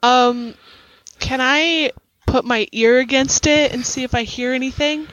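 A woman's voice: high-pitched, steady tone, measured pace, fairly bright tone, no room sound. A woman playing a tabletop game, talking in a hesitant way, full of fillers. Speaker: player. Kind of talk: casual tabletop play. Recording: slightly muffled, lo-fi mic.

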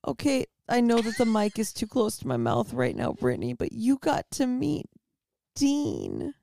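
Lively, excitable woman co-host. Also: a little high, creaky, slight background noise. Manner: excitable, swears, quick asides. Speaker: podcast co-host. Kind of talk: casual chat.

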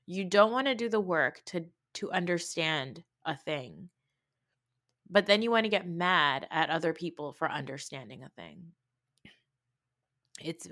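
A woman's voice: deep voice, bright, forceful tone, no room sound, clean studio sound. A young woman hosting a podcast, giving a casual, blunt reality-TV recap with swearing and mocking asides. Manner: opinionated, blunt, swears freely; mocking imitations of people. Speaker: podcast host.

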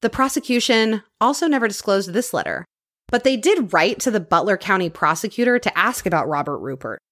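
A woman co-hosting a true crime podcast, walking her friend through the case. Her voice sits at a middling pitch but moves a great deal, rising and falling as she tells the story. She reads court details aloud in a lively storytelling way. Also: brisk. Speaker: podcast co-host.

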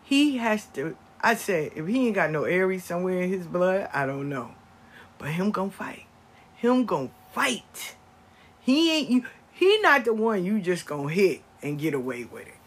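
An older grandparent telling a family story to viewers in an animated, conversational vlog monologue. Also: medium pitch, normal speed, breathy edge. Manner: animated, acts out family members' voices. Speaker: vlogger.

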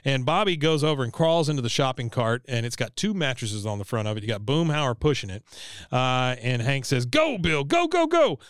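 Animated man retelling scenes in casual chat. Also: medium pitch, fairly quick, clear, resonant tone, no echo, clean studio sound. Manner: animated storyteller, acts out quoted lines, laughs often. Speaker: podcast co-host recapping an episode.

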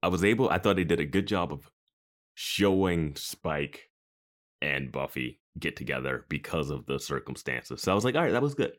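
Really deep-voiced podcast guy, laid-back chat, thinks out loud. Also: moderate pace. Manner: conversational, thinks aloud with restarts. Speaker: podcast co-host. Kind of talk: casual chat.

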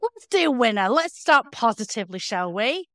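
A woman's voice: on the high side, big pitch swings, normal speed, fairly bright tone, dry recording, studio quality. A woman co-hosting a podcast, talking casually with many fillers and easy laughter. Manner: hesitant, lots of fillers, laughs easily. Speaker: podcast co-host. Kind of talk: casual chat.

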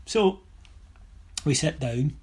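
A Scottish man telling stories on a podcast in a casual, animated way, mimicking other people and swearing now and then. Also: fairly high pitch, extremely slow, breathy edge. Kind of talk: casual anecdotal storytelling.

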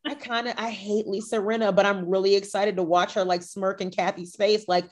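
A podcast host chats casually and gossips with lots of energy, slipping into mock voices. Her medium-pitched voice is fairly quick, with few pauses.

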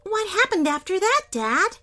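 Woman doing a high eager little girl voice for a kids story, big dramatic swings, soft music behind. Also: sing-song, a little slow, heavily acted. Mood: curious. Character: excitable little girl dreaming of being a superhero.

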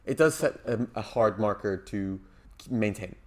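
Low-voiced man musing on ethics. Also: measured pace. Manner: thoughtful, hedging, frequent "like" and "um". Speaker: podcast co-host. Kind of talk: casual philosophical discussion.

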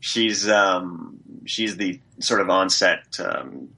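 Man, actor guest, casual interview, very low pitch, enthusiastic, rambling. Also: slow pace, creaky, pushed and bright, husky.

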